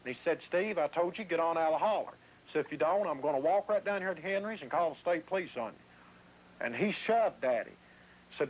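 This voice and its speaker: A man's voice: on the high side, animated, brisk, slight background noise, low-quality recording. Man retelling a violent night. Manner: vivid retelling, acting out quoted voices. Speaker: interviewee. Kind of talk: documentary interview storytelling.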